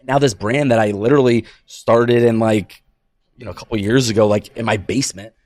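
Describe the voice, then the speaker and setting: A man's voice: on the low side, steady tone, darkish tone, no echo. A man from Massachusetts hosting a podcast, chatting casually and peppering his talk with like and you know. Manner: rapid, heavy use of like and you know. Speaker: podcast host, business owner. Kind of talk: casual chat.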